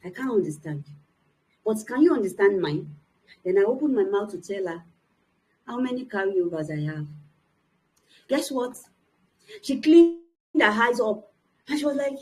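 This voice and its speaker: A woman's voice: mid-range voice, sing-song, unhurried, long pauses, dark tone, rough recording. A young adult woman, a motivational speaker, giving an earnest, emphatic personal testimony to young people.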